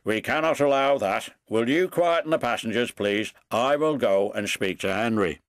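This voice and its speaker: A man's voice: medium pitch, normal speed, dry recording, clean studio sound, natural voice. A man voicing a stern portly male railway boss who speaks in a firm, proper way. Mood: polite.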